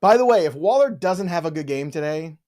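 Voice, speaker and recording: A man hosting a live fantasy football stream, brisk and joking as he reads listener questions in rapid fire. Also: on the high side, lively intonation, a little mellow. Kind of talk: casual live-stream chat.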